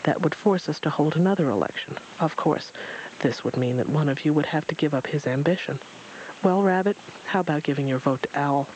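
A man voicing a kind, wrinkled old stranger in a storybook reading, speaking calmly and gently. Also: on the high side, a little fast, a little hiss or hum, natural voice, rough recording. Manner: calm and gentle.

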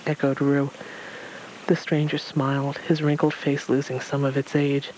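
A man reading a storybook aloud in a gentle, even voice. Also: mid-range voice, moderate pace, vocal fry, a little hiss or hum, low-quality recording.

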